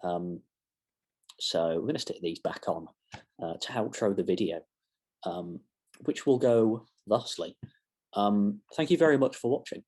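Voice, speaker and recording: A man's voice: lowish voice, measured pace, long pauses, a little mellow. A young man giving a casual football match reaction to camera, rambling with self-mocking asides. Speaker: fan channel presenter.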